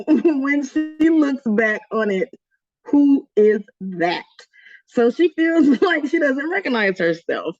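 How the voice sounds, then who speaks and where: A woman's voice: high voice, animated, takes it slowly, a little mellow, dry recording, faint music behind. Brash, laughing woman on dull lo-fi audio. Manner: brash, laughs often, swears freely. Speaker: guest co-host. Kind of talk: casual gossip chat.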